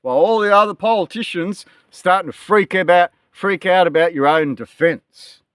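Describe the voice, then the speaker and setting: A man in a ranting monologue, reading scripture aloud and talking in a slow, emphatic, scornful manner. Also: high voice, a bit bright, clear, resonant tone, no room sound, studio quality. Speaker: political and religious commentator.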